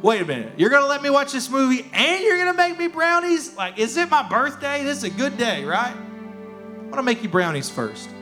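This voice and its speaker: A man voicing an excited twelve-year-old boy in a sermon story, speaking eagerly. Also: high voice, unhurried, pauses often, faint music behind, full character voice. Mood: amazed. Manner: eager, disbelieving.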